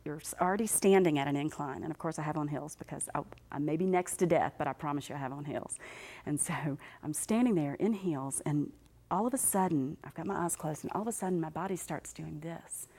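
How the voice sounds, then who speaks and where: A woman telling her personal faith testimony to an audience in an animated, conversational way with self-deprecating humor. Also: deep voice. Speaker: speaker giving a personal testimony. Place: standing before a live audience.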